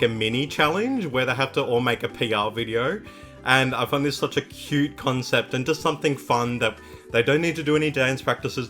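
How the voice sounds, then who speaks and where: A man's voice: medium pitch, a bit bright. Upbeat young man gushing over videos. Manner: gushing, upbeat, heavy use of "like". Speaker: K-pop reaction video host. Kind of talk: casual reaction commentary.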